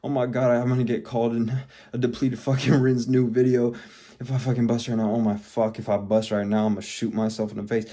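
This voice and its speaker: Man doing a panicky horny young dude, muttering low and whiny. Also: little pitch movement, fast talker, hardly any pauses, mellow, lightly acted. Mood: anguished. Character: frantic horny young man fighting the urge.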